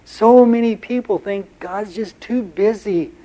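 With a high-pitched, mellow and warm voice, a man preaches a sermon as pastor at a measured pace. Homespun stories come in alongside points he builds through repeated phrases stacked in earnest runs.

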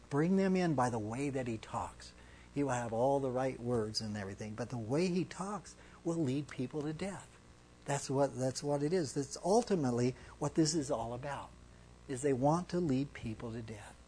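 A man's voice: medium pitch, warm tone, husky. A man teaching through a Bible passage as a pastor, reading verses aloud with emphasis and restarting phrases as he explains. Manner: halting, restarts phrases, reads scripture with emphasis.

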